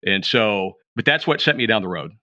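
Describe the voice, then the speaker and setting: A man's voice: on the low side, normal speed, no room sound, lo-fi sound. A middle-aged man from the Appalachian edge of Pennsylvania, a podcast guest telling rambling stories and correcting himself as he goes. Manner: rambling, self-correcting, animated storyteller. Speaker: podcast guest, retired drug agent. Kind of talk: casual storytelling interview.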